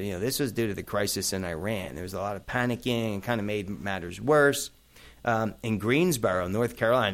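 A middle-aged man hosting a casual chat, rambling through memories with plenty of fillers and asides. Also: mid-range voice. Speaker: host.

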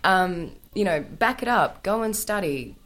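A woman talking as a guest on a radio show, animated, opinionated and playful. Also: medium pitch, measured pace. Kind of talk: casual radio talk.

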